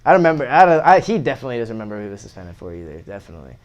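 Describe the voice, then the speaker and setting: A young man chats casually as a guest on an interview podcast. He tells his stories in loose slang, swears often, and acts out old conversations with lively energy. His voice sits at a middle pitch. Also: rapid-fire, muffled recording. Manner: laid-back slangy storytelling, swearing, animated retellings. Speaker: guest musician.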